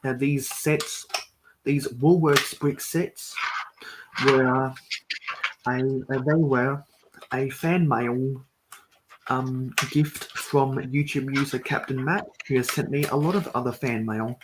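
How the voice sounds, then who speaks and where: Slow, soft-spoken man. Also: mid-range voice, noisy background. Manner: soft mellow monotone voice. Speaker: live stream host. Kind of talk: live stream building commentary. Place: at home.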